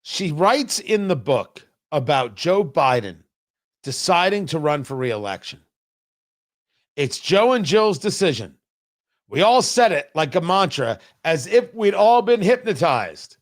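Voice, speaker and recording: A man's voice: fairly high pitch, big pitch swings, unhurried. A middle-aged man hosting a political commentary livestream, firing off sarcastic, heated rhetorical questions. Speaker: talk show host.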